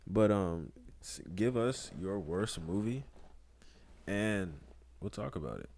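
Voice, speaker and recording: This young co-host speaks slowly in a lowish voice, yet sounds animated as he rambles and jokes through a casual podcast chat, punctuated by loud laughter. A slight background noise sits under the recording.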